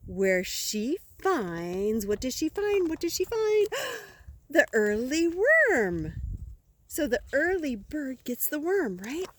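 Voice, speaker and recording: Slow, lively older woman reading a storybook. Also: medium pitch. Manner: slow, gentle and lively, with gasps and questions to the listener. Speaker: grandmother reading to a child. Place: outdoors by woods.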